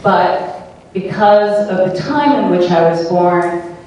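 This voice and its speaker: A woman professor giving a measured, articulate public comment at a town hall. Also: fairly low pitch, mellow. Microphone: floor microphone heard from afar. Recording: echoey hall recorded from far off.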